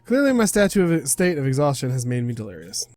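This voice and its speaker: A man's voice: mid-range voice, very animated, fast, a little mellow, dry recording. Man reading a visual novel aloud. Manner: casual, stumbles over words, laughs and self-corrects. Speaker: game streamer reading aloud.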